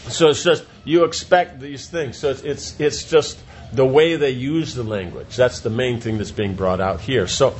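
A man's voice: mid-range voice, normal speed, hardly any pauses. Man explaining with everyday examples. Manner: explains with everyday examples, often asks if it makes sense. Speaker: teacher. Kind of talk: informal class discussion. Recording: dull lo-fi sound with light noise.

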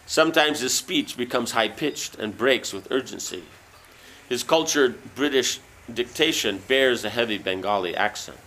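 A man reading a book aloud and breaking off into loose, halting asides full of fillers. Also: mid-range voice, lively intonation, sharp tone, a little hiss or hum. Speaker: reader.

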